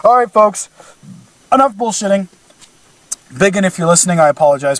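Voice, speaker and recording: A man's voice: high-pitched, lively intonation, brisk, dry recording. A young man hosting a crude, joking podcast, bantering and mocking himself. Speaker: podcast host.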